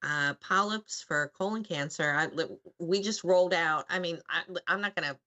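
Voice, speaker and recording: A woman's voice: on the low side, normal speed, pushed and bright. A woman, an operating room nurse and podcast guest, talking in an earnest, direct way. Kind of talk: casual chat.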